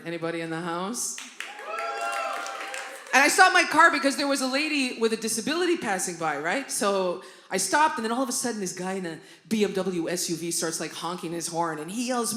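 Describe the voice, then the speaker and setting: A woman doing stand-up comedy on a theatre stage, animated and brash, swearing freely into a handheld mic. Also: medium pitch, slight background noise. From Canada. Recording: roomy live theatre sound.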